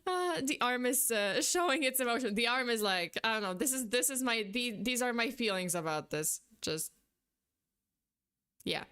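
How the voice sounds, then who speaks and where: A woman's voice: fairly high pitch, expressive, moderate pace, a bit bright, clean tone. A young adult woman streaming in casual chat, rambling and exasperated, who swears and breaks into outbursts of disbelief.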